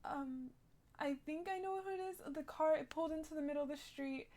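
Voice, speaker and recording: High-voiced young woman, rambling role-play story. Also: fairly quick, darkish tone. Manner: rambling, shaken retelling full of "like" and restarts. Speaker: streamer playing a character in a city role-play game.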